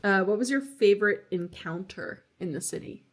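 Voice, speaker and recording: A woman in her late twenties from New York hosts a casual vlog chat, swearing freely as she recounts her night. The sound is roomy and echoey, and her pitch sits in a middle range. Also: moderate pace. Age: late 20s. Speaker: vlog host. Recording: roomy echo.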